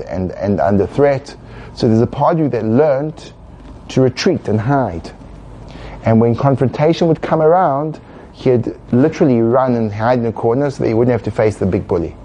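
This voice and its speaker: Man, mid-pitch, mellow, animated explainer who acts out voices and laughs at his own jokes. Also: a little hiss or hum. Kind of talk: conversational explanation.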